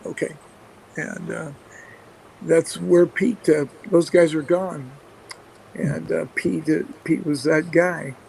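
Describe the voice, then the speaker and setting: Speaking slowly and pausing often, this football coach and play caller rambles through stories about his staff for a radio interview, full of fillers, restarts and frequent chuckles. His gravelly, somewhat high voice stays flat, and the audio is poor with a faint hiss.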